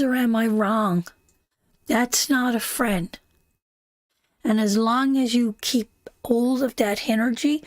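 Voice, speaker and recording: A woman with a slightly high voice, recorded with no room sound, hosts a live tarot reading. She speaks fondly to viewers, using sweetheart and my darling, and is emphatic, repeating phrases over and over.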